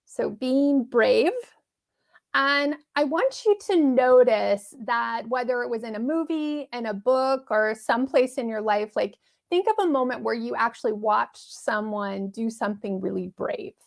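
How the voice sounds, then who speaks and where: A woman's voice: on the high side, a little slow, creaky. A woman hosting a casual live-streamed pep talk, chatty and upbeat, laughing often and reading viewer comments aloud.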